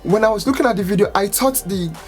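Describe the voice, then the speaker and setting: A woman salon owner giving an impassioned, angry rant to camera, exasperated and swearing, with outbursts that climb in pitch. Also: quick pace, a little mellow, faint music behind. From United States.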